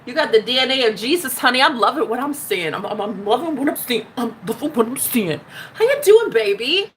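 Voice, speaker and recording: A woman's voice: on the high side, expressive, fast, fairly bright tone, a little hiss or hum. A woman hosting a casual spiritual livestream, reading out chat messages with a bubbly, teasing manner, swearing freely and laughing often. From United States.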